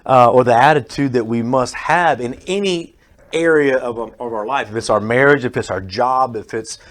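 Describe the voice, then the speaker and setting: A man's voice: medium pitch, moderate pace. A man, a pest control worker who is also a pastor, telling an earnest story as a guest in a radio studio and acting out the people he quotes.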